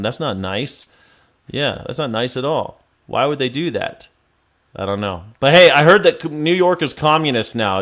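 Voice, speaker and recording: A man's voice: mid-range voice, a bit bright. A man hosting a casual political show, reacting to news clips with sarcastic, profane commentary and mock outrage. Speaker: host.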